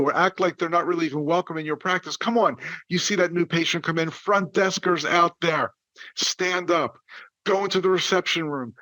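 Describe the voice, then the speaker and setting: A male dental coach hosting a podcast, talking in an energetic, playful way and acting out the lines he quotes. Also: fairly high pitch, normal speed, no echo. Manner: animated, exaggerated, playful delivery with acted-out quotes.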